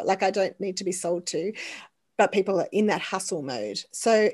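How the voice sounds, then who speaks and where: A woman hosting a relaxed interview, chatty, laughing often and talking with lots of fillers. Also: mid-range voice, normal speed, breathy edge. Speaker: interview host. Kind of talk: casual video-call conversation.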